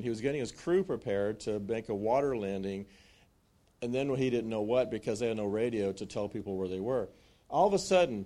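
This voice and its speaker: Man, sermon storytelling, medium pitch, animated, restarts often.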